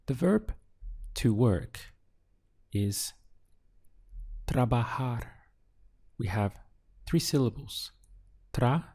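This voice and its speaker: A man teaching a language lesson, asking the listener to translate phrases, pausing, then giving the answers and breaking words into syllables. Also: mid-range voice, very animated, gravelly, warm tone, slightly rough. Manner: poses prompts, pauses, then gives answers syllable by syllable. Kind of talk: slow, deliberate audio language lesson.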